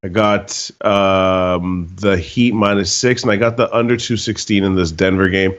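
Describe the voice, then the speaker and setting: Low-voiced man, losing his voice. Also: fairly even intonation, measured pace, lo-fi sound. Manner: stat-heavy, methodical. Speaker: sports betting analyst. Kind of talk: betting picks breakdown.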